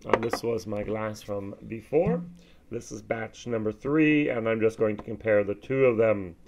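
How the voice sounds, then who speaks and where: An American man giving a casual whisky tasting review, with animated, expressive reactions and plenty of fillers. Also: fairly low pitch, normal speed. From United States.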